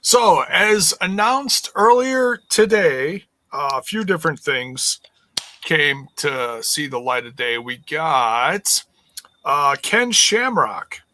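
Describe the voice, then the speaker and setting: A man's voice: on the high side, expressive, slow, sharp tone, dry recording. A man co-hosting a casual wrestling podcast, reading out the news in a rambling way with many fillers.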